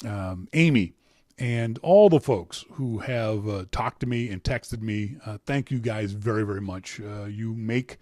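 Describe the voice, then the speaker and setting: A man's voice: on the low side, measured pace, warm tone, no echo, clean studio sound. A middle-aged man hosting a casual podcast, reading listener emails aloud with a chatty, teasing manner and frequent laughs. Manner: chatty and teasing, laughs often, many restarts. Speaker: podcast host.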